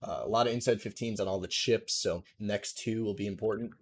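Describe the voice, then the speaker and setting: A young man with a somewhat low voice runs a live trading stream from his desk. He talks loosely and thinks aloud, full of market jargon, into a desk mic. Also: fairly quick. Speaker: trading livestream host. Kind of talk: casual live market commentary.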